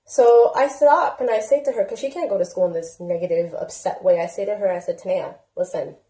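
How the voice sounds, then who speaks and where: A woman's voice: mid-range voice, brisk, warm tone. A woman in her twenties giving advice in a casual monologue, telling stories and acting out the dialogue. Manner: storytelling, acts out dialogue. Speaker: organization president giving advice. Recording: roomy echo.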